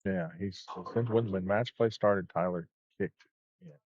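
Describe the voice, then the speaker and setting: A man with a very low, husky voice chimes in as co-commentator on a bowling stream, loose and chatty in his phrasing. The sound is dry and a little dull, like a lo-fi stream mic. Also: a little slow, a little mellow, no echo. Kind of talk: casual sports commentary chat.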